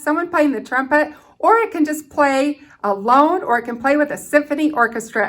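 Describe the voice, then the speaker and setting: A woman's voice: fairly high pitch, fairly bright tone. A woman teaching an elementary music lesson to young children, patiently explaining notes and counting rhythms aloud as they clap along.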